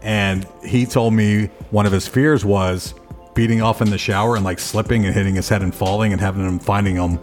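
A man's voice: fairly low pitch, fairly even intonation, brisk, darkish tone, soft background music. A man hosting a podcast, telling crude stories in blunt casual banter. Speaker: podcast host.

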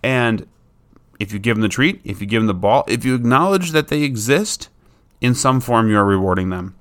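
A man's voice: medium pitch, lively intonation, a little fast, fairly bright tone. A man talking casually as a dog trainer, explaining dog behavior in an informal, plain-spoken way. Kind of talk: casual instructional talk.

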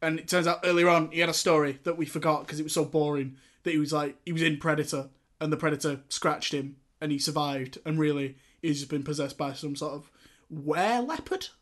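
A man's voice: a little high, a little fast, a bit bright. A man hosting a casual film review podcast, recapping the plot jokily and acting out lines from it.

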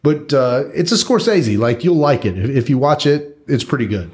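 A man's voice: mid-range voice, animated, moderate pace, darkish tone. A man co-hosting a podcast in easy casual chat, laid-back with many fillers. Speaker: podcast co-host.

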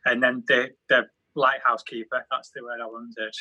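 A man's voice: medium pitch, level tone, normal speed, husky, dry recording, lo-fi sound. A young man with a Yorkshire accent, chatting casually as a guest and telling a story with dry humour. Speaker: guest, engaged partner. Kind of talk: casual chat.

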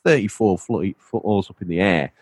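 Low-voiced male co-host, playful and rambling, dry close sound. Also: normal speed, darkish tone, slightly rough, no echo. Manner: playful rambling storyteller who slips into silly voices. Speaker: podcast co-host. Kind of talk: casual chat.

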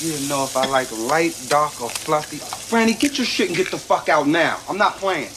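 An actor playing an angry young man who curses and yells at a woman to leave. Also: a little high, moderate pace, background noise, natural voice. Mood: annoyed. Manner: profane shouting. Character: angry young man throwing out his stalker.

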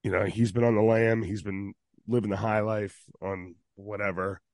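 Sick man with a lowish voice. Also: little pitch movement, normal speed, darkish tone, dry recording, studio quality. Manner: laid-back, conversational. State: sick, losing his voice. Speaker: podcast co-host. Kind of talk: casual podcast chat.

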